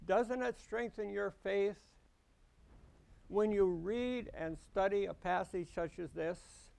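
A man preaching a sermon, slow and deliberate, rising into emphatic lines. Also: high-pitched, steady tone, gravelly, darkish tone.

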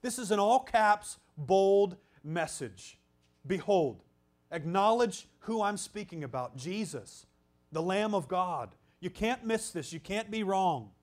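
A man preaching a sermon, emphatic, swinging from loud exclamations down to hushed, almost whispered lines. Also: high voice, animated, unhurried.

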